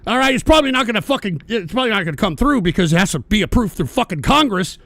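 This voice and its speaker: A man hosting a livestream, delivering a profane, sarcastic political rant that often breaks into shouting. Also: high voice, big pitch swings, fast, few pauses, dry recording. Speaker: livestream host.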